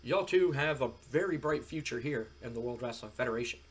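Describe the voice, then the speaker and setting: A man voicing a scheming older male wrestling boss who makes placating promises, with a husky voice. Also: mid-range voice, lively intonation, fairly quick.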